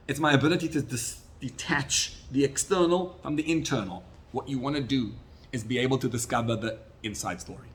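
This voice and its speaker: A man, a rabbi, giving a Torah class sermon, teaching in an animated way with Hebrew and Yiddish terms. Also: mid-range voice, brisk, slight background noise.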